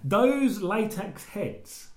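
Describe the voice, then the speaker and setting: A man's voice: high voice, big pitch swings, drawn-out words, a little mellow, reverberant. A man from England co-hosting a podcast, chatting casually about a film and sharing trivia with frequent laughs. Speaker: podcast co-host. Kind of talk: casual film commentary chat.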